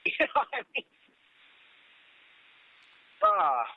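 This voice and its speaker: A man's voice: high-pitched, sing-song, fairly quick. A man hosting a casual political talk show, blunt and sarcastic, with swearing. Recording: dull lo-fi recording.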